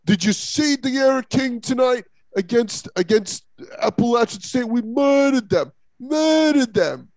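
A man putting on a boastful, gloating male sports fan who drawls slowly and smugly. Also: very high-pitched, expressive, a little mellow, dry recording, pitched above the performer's own voice, heavily acted, low-quality recording.

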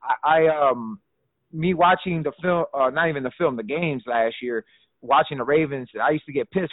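A man's voice: a little high, moderate pace, no room sound. Man on a tinny, phone-like line. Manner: loose and animated, lots of fillers and restarts, swears freely. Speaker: fantasy football podcast co-host. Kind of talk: casual podcast chat. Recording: dry, phone-like narrow sound.

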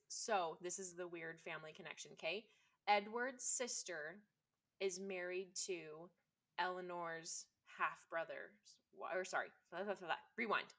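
A woman's voice: medium pitch, sharp tone. A woman chatting casually and enthusiastically, with lots of fillers. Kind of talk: casual chat.

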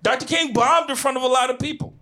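A young man from Chicago with a Midwestern accent, performing a slangy stand-up comedy set on a club stage, shouting his punchlines. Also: very high-pitched, fast talker.

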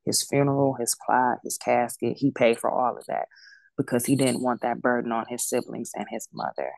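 A woman in her forties, a death doula guest, telling a personal story in a casual, animated and emphatic way. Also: a bass voice, normal speed, gravelly, no echo.

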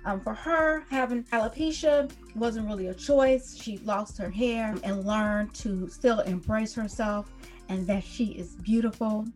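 A woman's voice: mid-range voice, measured pace, darkish tone, faint music behind. A woman hosting a podcast, chatting casually and playfully with her guest. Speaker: podcast host.

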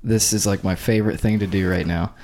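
A man's voice: low voice, fairly even intonation, fairly quick, a little mellow. A young man co-hosting a casual podcast chat, goofy and laughing often as he runs through his bits. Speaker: podcast co-host.

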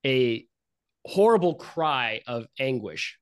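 Guy running a tabletop game, casual rambly narration, lots of likes and uhs, middle pitch. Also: expressive, slow, clean tone. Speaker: game master.

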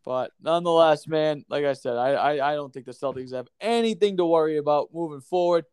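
Guy hosting a sports pod, kinda high voice, smooth and clean, dry sound, swears a lot. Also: a little fast, no echo. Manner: profane, excitable banter. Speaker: podcast host. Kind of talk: casual sports chat.

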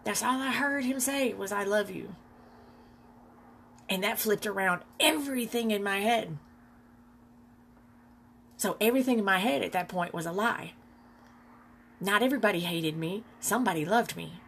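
A woman podcast host telling a personal story, candid and reflective, in an unhurried way with pauses. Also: medium pitch, vocal fry, fairly bright tone, a little hiss or hum.

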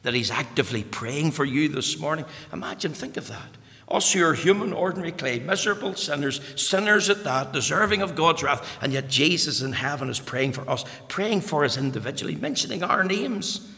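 A man preaching a sermon, swinging between loud, fervent exclamations and hushed asides. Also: on the high side, lively intonation, a little fast, in a large hall. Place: church.

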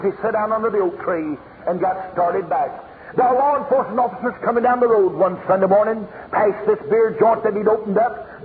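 A male evangelist from Tennessee with a Southern accent, preaching a revival sermon as a storyteller whose voice rises to shouts. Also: high voice. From Tennessee, USA. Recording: muffled phone-like old tape in a reverberant hall, faint hiss.

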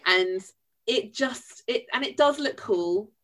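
A woman with a Yorkshire accent, co-hosting a podcast and chatting casually about a film in an animated way, with wry asides. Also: on the high side, slow pace. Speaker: podcast co-host. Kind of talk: casual film review chat.

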